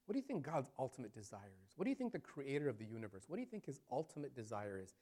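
A man preaching a sermon in a mid-range voice. He stretches out key phrases and scripture lines for emphasis. His loudness swings widely, from near-quiet drops to strong, rising build-ups. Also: sing-song, rapid-fire. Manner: voice rises and falls widely in loudness, dropping low then building up. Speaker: pastor.

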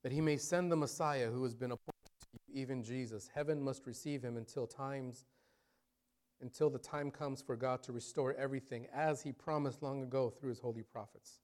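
Emphatic preaching man. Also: fairly even intonation. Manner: emphatic preaching, slows down for scripture and repeated phrases; voice rises and falls widely in loudness, dropping low then building up. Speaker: pastor. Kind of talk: sermon.

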